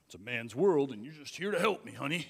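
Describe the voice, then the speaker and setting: A man's voice: medium pitch, very animated, fast talker, vocal fry, breathy edge, big-room sound, full character voice. A man putting on the voice of a patronizing, condescending husband. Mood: smug. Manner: smug, patronizing.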